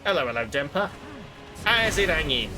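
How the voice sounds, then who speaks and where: Guy doing a hammy cockney gangster bloke, fake accent, bit high, chummy, game music behind. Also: big pitch swings, normal speed, rough recording. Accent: put-on Cockney. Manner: chummy, exaggerated, playful. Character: bad gangster-movie Cockney tough guy, male.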